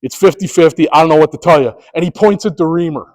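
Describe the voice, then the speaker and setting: A man with a high speaking voice trains sports officials through a lively, acted-out story. He jumps into the scenes as he tells them. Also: fast talker, rough recording. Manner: animated, acts out scenes. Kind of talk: storytelling presentation.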